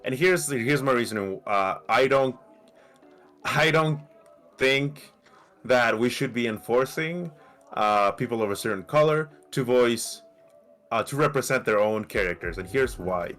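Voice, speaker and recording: A man's voice: mid-range voice, animated, a little slow, fairly bright tone. A man from Mexico talks loosely on a podcast panel, circling his point with fillers and restarts. His voice sits in an ordinary middle register. Faint music plays behind him. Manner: rambling, many restarts and fillers; grows heated and emphatic. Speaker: podcast co-host. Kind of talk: casual panel discussion.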